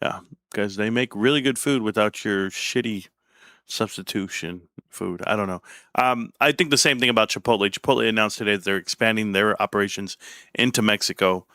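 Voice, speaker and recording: Man, streamer host, casual rambling commentary, irreverent jokes, bright, dry close sound. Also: lowish voice, brisk, clear, resonant tone, no echo. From United States. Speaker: livestream host.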